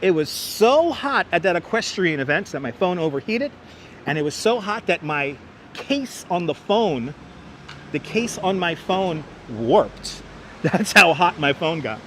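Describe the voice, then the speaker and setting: A man's voice: sits high, very animated, fairly bright tone. Chatty man livestreaming on city streets. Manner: chatty, greets viewers by name, quick bursts. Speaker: livestream host walking the city. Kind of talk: live walking-tour commentary, reading chat. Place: outdoors on busy city streets. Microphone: wireless clip-on mic, phone camera on a gimbal. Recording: faint street traffic behind.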